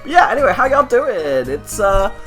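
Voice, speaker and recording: A woman hosting her own game playthrough, chatting loosely between scenes. She rambles, laughs a lot and fills gaps with "like" and "you know", with soft music behind. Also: medium pitch, big pitch swings, normal speed. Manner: rambling, laughing, lots of fillers. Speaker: let's-play voice actor. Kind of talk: casual chat.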